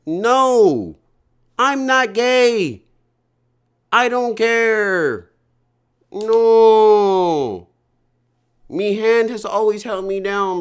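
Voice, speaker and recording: A man hosting a live stream, reacting to viewer stories in blunt, profane, incredulous casual talk. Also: high-pitched. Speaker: streamer host.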